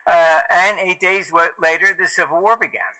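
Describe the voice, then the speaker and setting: A man's voice: sits high, fairly even intonation, normal speed, pushed and bright, poor audio. An older man, a former hedge fund manager, telling anecdotes as an interview guest in a rambling, casual way with many fillers and restarts.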